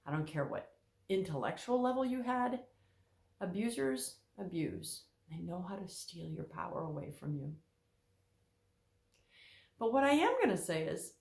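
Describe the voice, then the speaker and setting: Emphatic woman therapist, echoey room. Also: lowish voice. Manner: emphatic, animated, repeats key points. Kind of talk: direct-to-camera talk.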